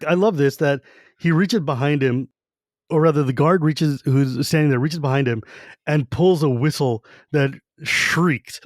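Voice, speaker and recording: Podcast guy chatting about a book, slightly high voice, acts out lines, super dry sound. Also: unhurried, no echo. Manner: animated, acts out quotes. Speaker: podcast co-host. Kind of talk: casual book discussion.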